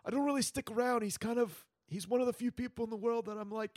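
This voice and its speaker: A man's voice: extremely high pitch, quick pace, dry recording, clean studio sound. A man co-hosting an improvised role-play podcast, laying out a plan in a rambling, playful way. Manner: rambling, playful, plans out loud. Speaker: podcast co-host running the scene.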